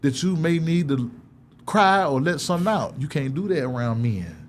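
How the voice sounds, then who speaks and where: A middle-aged man, an interview guest telling candid stories, often laughing and acting out quotes in a higher voice. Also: lively intonation, normal speed, slight background noise. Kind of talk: candid conversational storytelling.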